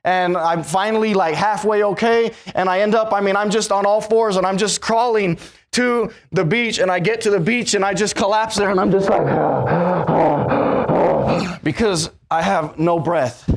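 This man's voice sits high as he preaches, drawing on a story from his own life. His sermon shifts back and forth between hushed, slow delivery and loud, fast, rising stretches.

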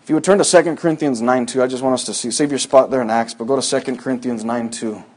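A man's voice: medium pitch, fairly even intonation, fast talker. A man preaching a sermon, telling a personal story in a folksy, rambling way with many fillers, in a church. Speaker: pastor.

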